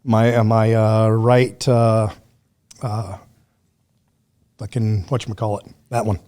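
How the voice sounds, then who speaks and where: A man telling a story on a podcast in a casual, profane, animated way, acting out what others said. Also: on the low side, slow, smooth. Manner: profane, animated storyteller who acts out quotes.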